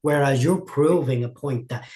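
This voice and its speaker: A man's voice: medium pitch, normal speed, mellow. A man, a martial arts instructor telling long, rambling stories in a casual interview, often repeating and restarting his words.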